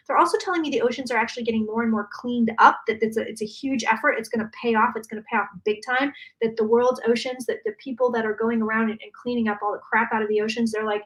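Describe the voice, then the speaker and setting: A woman psychic channeling predictions live, talking fast and emphatically with many restarts. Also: fairly high pitch, steady tone, a bit bright.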